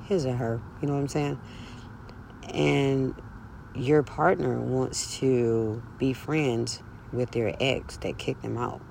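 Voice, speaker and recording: A woman's voice: extremely low pitch, steady tone, slow pace, creaky, a little mellow, slight background noise. A woman vlogger ranting bluntly and profanely outdoors in a breeze, hammering her points with repetition. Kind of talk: casual ranting monologue.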